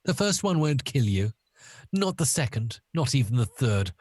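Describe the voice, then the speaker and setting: British man playing a suave movie villain, slow theatrical gloating, menacing, dry close sound. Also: mid-range voice, very animated, darkish tone, no echo. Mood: gloating menace. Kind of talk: playful villain impression.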